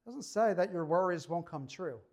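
A young man preaching a sermon in a relaxed, conversational way, slowing down when he reads scripture. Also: high-pitched. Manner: conversational preaching, slows to read scripture aloud. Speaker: pastor.

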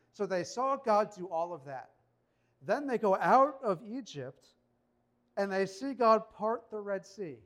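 A man preaching a sermon in a conversational, animated way, often asking rhetorical questions. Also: high-pitched.

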